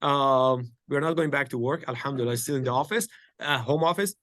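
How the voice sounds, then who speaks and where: A man's voice: mid-range voice, a little fast, a bit bright, no room sound, studio quality. A man leading an informal religious study circle from his home office, explaining step by step with fillers and restarts and often checking in with his listeners.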